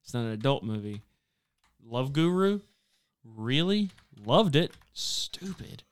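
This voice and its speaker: A man with a smooth, clear voice, trading dry jokes and teasing his friends in a relaxed podcast chat. His delivery is easygoing and conversational. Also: medium pitch, takes it slowly. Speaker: podcast co-host. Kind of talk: casual chat.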